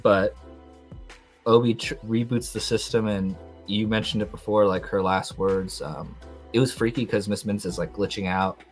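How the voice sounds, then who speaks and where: A young man hosting a podcast, recapping a TV episode in a rambling, excitable way with lots of fillers. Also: fairly low pitch, normal speed, soft background music. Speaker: podcast host.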